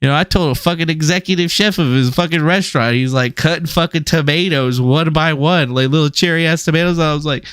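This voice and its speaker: A man's voice: fairly high pitch, fast talker, few pauses, fairly bright tone, clear, resonant tone, dry recording. A man chatting casually on a livestream, swearing freely and rambling through stories. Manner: profane, rambling, storytelling. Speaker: streamer.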